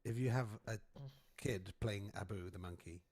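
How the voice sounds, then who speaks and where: Male teacher, lower voice, soft and wry, casual chat. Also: moderate pace, slightly rough. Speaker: school drama teacher.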